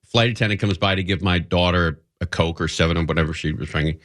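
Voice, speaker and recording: A man's voice: sits low, quick pace, a bit bright, no echo. A man hosting a radio talk show, telling rambling, self-mocking stories in casual chat from a studio microphone.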